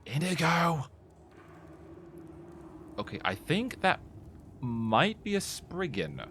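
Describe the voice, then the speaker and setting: A man's voice: a little high, big pitch swings, slow pace, sharp tone, a little hiss or hum. A man giving casual gameplay commentary, hesitant and self-mocking, with game music behind. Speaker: gamer host.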